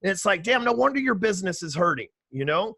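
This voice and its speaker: A man, talking emphatically and with high energy as a podcast guest, swearing casually. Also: very animated, quick pace, creaky, pushed and bright, husky, no room sound. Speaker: podcast guest, sales trainer. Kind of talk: energetic interview talk.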